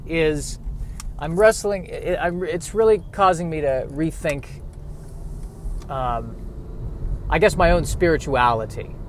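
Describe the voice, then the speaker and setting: A man with a somewhat high voice works through his grief in a reflective monologue. He talks in halting, rambling stretches, restarting often and slipping in self-deprecating asides. A faint hum of noise sits behind him. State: grieving.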